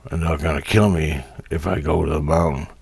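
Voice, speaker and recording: A man's voice: very deep voice, steady tone, a little fast, creaky, husky, no echo. A man talking in a casual spiritual vlog monologue, ranting profanely and in frustration.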